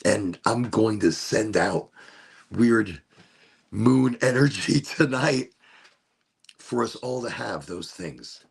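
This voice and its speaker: A man in a casual, rambling vlog monologue, talking slowly and emotionally with restarts and sighs, indoors at home. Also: on the low side, expressive, creaky, breathy edge. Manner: slow, dreamy and emotional, with many restarts and sighs. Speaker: vlogger.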